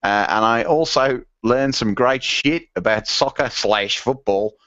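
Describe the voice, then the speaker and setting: A man's voice: mid-range voice, unhurried, fairly bright tone, no room sound, lo-fi sound. A man co-hosting a podcast in casual chat, reading out listener emails with many fillers and laughs. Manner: rambling, lots of fillers and laughs. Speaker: podcast co-host.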